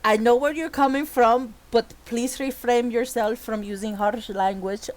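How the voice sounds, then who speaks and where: Woman doing a school nurse, gentle, soothing, firm. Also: fairly high pitch, fairly even intonation, a little slow, close to an everyday voice. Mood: stern.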